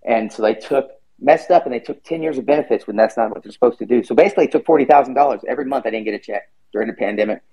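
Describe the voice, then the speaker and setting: A man's voice: mid-range voice, very fast, hardly any pauses, mellow, slightly rough, poor audio. A man hosting a podcast, chatting casually and rambling, swearing freely. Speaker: podcast host. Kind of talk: casual chat.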